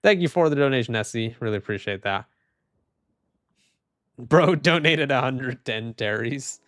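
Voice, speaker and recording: A man's voice: medium pitch, lively intonation, unhurried, a bit bright, dry recording, studio quality. A young man streaming live, making casual commentary as he reads posts and keeps laughing and saying "dude". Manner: laughing, mocking, says dude a lot.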